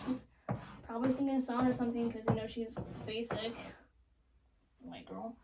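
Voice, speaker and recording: A young woman casually retelling a classic love story as a joke, with sarcastic asides and quick quoted voices. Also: on the high side, fairly even intonation, vocal fry, distant mic, background noise. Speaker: comedic storyteller. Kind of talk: joking retelling of a classic play.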